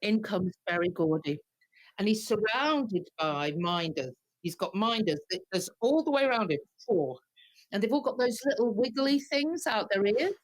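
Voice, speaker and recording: A woman guest singer telling lively, animated anecdotes in an interview, acting out the quotes. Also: medium pitch, moderate pace, no echo. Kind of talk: storytelling interview.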